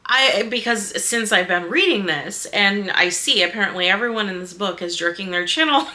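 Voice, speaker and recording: A woman's voice: mid-range voice, moderate pace, hardly any pauses, sharp tone. A young woman reviewing a book in a casual vlog, rambling and repeating herself as she talks to her viewers.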